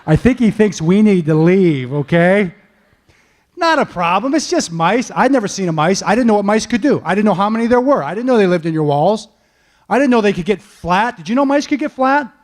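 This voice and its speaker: A man's voice: high-pitched, fast talker. A man, a football coach, giving a motivational storytelling talk to an audience, keeping listeners with him with frequent "okay?" and "all right?" check-ins. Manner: animated, punctuates points with "okay?" and "all right?". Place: event stage before an audience.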